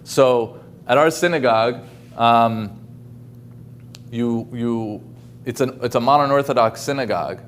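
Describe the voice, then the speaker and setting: A man's voice: mid-range voice, measured pace, long pauses, slight background noise. A man giving a casual talk over a video call, with many ums and restarts. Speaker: guest speaker. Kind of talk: informal lecture.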